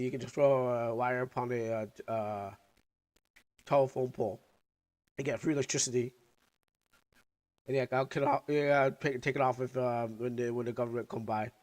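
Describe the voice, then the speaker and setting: A young man with a sick, cough-prone voice chats loosely on his livestream. He rambles, restarts and trails off. He talks around candy in his mouth, at an ordinary middle pitch. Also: a little mellow. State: sick, coughing, recovering lungs. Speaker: streamer. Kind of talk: casual livestream chat.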